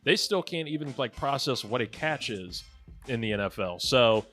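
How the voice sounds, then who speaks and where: Young man, bright voice, casual sports podcast host, joking, faint music behind. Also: mid-range voice, lively intonation, moderate pace. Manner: joking, upbeat, runs the countdown.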